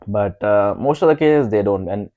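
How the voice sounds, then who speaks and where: A man's voice: lowish voice, expressive, moderate pace, mellow, no room sound, lo-fi sound. A young man with an Indian accent chatting casually as a podcast co-host, hesitant with many fillers and self-deprecating. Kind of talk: casual conversation.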